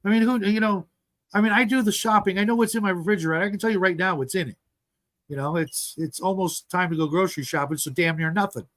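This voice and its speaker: A man's voice: high voice, quick pace, fairly bright tone. A man co-hosting a casual livestream chat, ranting in an exasperated way with lots of fillers. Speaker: podcast co-host.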